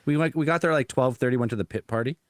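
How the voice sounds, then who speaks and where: A man's voice: medium pitch, very fast, no echo, clean studio sound. A man chatting casually on a podcast, laid-back and plain-spoken as he talks about his kids. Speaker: podcast co-host. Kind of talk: casual chat.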